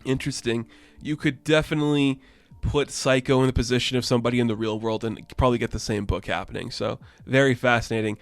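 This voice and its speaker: A man's voice: medium pitch, steady tone, quick pace, no room sound, soft background music. A young man giving a casual, enthusiastic and rambling video review as the channel host. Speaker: comic book reviewer.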